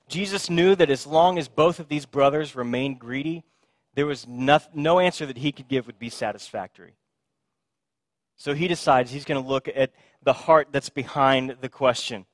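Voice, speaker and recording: A man's voice: medium pitch, moderate pace, no echo, clean studio sound. A male pastor giving a conversational sermon with playful asides. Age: young adult or middle-aged.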